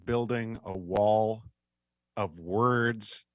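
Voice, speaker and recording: A man hosting a casual sports talk show, quick and wry and prone to tangents. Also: fairly low pitch, dry recording, clean studio sound. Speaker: sports podcast host.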